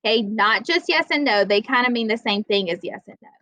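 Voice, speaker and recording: A woman teaching a classroom grammar lesson, plainly explaining rules and slowly reading out example sentences. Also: a little high, expressive, pushed and bright, no echo, low-quality recording.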